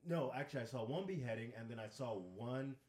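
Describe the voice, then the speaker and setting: A man's voice: mid-range voice, fast, a little mellow, husky. A young man in casual podcast chat, blunt and swearing freely.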